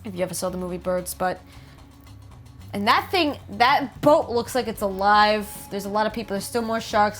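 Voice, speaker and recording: Chatty Jersey-accented woman, higher voice. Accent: New Jersey. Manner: chatty, jokey, reads aloud and riffs. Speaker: host. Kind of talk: casual commentary on game art.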